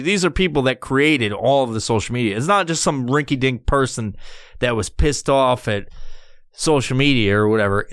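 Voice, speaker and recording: A man hosting a solo podcast, rambling through a story with constant swearing and lively mimicry. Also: medium pitch, clean tone, no room sound, clean studio sound. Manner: profane, rambling, animated storytelling. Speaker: podcast host.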